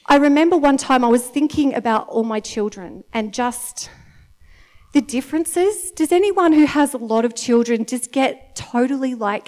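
Woman, mother, church speaker; slightly high voice, conversational storytelling sermon with frequent check-ins. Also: a little mellow. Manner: chatty, storytelling, keeps checking in with the audience by asking "okay?".

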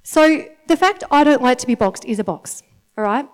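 A woman in her thirties with an Australian accent, giving a chatty, animated sermon to a congregation and often laughing. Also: high voice, moderate pace, clear, resonant tone. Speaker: church speaker. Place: church meeting in front of an audience.

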